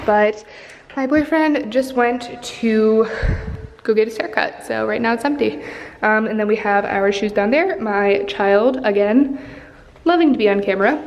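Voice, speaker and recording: Young woman, vlogger, casual home tour, rambling, slightly high voice, indoors. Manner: chatty and rambling, many ums and likes. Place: apartment indoors.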